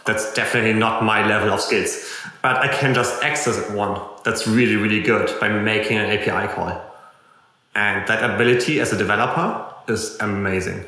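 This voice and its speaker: A man's voice: on the low side, moderate pace, bright, forceful tone. A man with a German accent, chatting enthusiastically and at length as a podcast guest. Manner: enthusiastic, talkative, self-deprecating. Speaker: guest, software company representative. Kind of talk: casual podcast chat. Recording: very echoey room.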